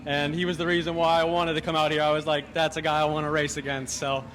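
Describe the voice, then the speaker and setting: A man who just won a race speaks gratefully and modestly into an announcer's mic. His voice is fairly high. He sounds off-mic, with faint outdoor noise around him. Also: flat delivery, fast, a bit bright. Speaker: race winner. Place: outdoor speedway.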